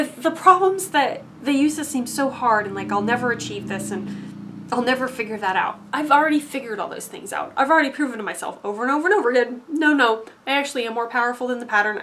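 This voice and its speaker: A young woman talking straight to camera in an emphatic motivational monologue, swinging between loud insistence and hushed asides. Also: on the high side. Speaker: spiritual vlogger.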